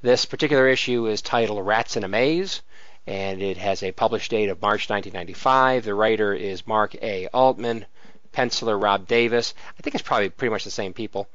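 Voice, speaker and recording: A man's voice: lowish voice, fairly quick, a bit bright, dry recording, muffled recording. Man reading a comic synopsis. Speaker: podcast co-host. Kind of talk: casual chat and read synopsis.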